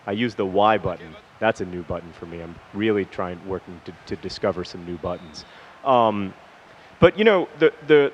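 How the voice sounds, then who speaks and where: Low-voiced man rambling over gameplay. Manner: rambling, breaks off mid-story to comment on the match. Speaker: gaming video host. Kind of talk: casual storytelling over game commentary. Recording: dull lo-fi recording, faint hiss.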